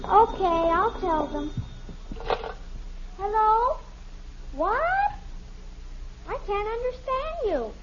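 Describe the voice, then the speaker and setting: A woman's voice: very high voice, animated, extremely slow, long pauses, slight background noise, full character voice. Kathy, a blunt little girl. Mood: chatty. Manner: blunt, matter-of-fact childish talk. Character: chatty little girl, the youngest sister, blunt and curious. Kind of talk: 1950s radio sitcom acting. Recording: dull lo-fi old radio recording.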